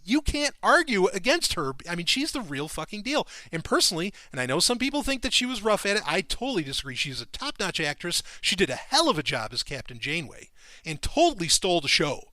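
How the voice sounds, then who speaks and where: Man, podcast host, casual monologue: excitable, profane, lively pitch, dry close sound. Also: brisk, no room sound. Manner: excitable and profane, voice jumping up when enthused.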